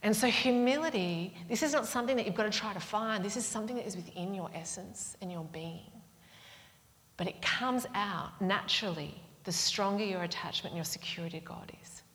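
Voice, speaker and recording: A woman's voice: mid-range voice, brisk. Woman preaching in a reverberant hall. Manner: animated storytelling, breaks into whispers and laughs. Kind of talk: sermon.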